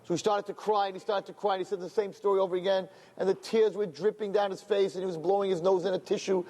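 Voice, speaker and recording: A man, a rabbi, telling a story in a lively, animated way, acting out the people in it. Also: high-pitched, quick pace. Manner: animated storyteller, acts out voices. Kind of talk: storytelling talk. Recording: long hall reverb.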